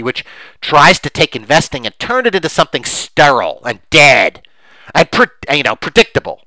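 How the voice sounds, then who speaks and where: A man's voice: fairly high pitch, sharp tone, dry recording, rough recording. A man hosting a podcast, arguing emphatically and impassioned, with frequent restarts. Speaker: podcast host. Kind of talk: opinionated podcast talk.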